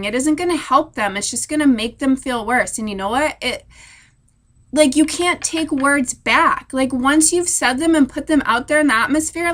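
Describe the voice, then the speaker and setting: A young woman with a high voice speaks to the camera in an emotional personal vlog, tearful as she talks. Her speech rambles, packed with "like" and restarts. She sounds like a military spouse opening up about being hurt. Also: fairly bright tone. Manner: rambling, many "like" fillers. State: crying. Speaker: vlogger. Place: hotel room.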